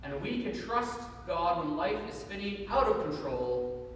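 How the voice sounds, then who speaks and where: A man's voice: high voice, sing-song, a little slow, fairly bright tone, a little hiss or hum. A man preaching a sermon, earnest and emphatic, repeating his main point. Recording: echoey hall from far off.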